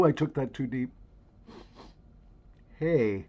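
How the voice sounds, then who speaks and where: A man talks straight to the camera in a wry, rambling way. His pitch leaps around, loud and hammy one moment and low and musing the next. The home recording sounds dull and lo-fi. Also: big pitch swings, a little slow. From Minnesota. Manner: wry, mock-grandiose, swings from loud hamming to quiet musing. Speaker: vlog host. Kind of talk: casual rambling monologue to camera.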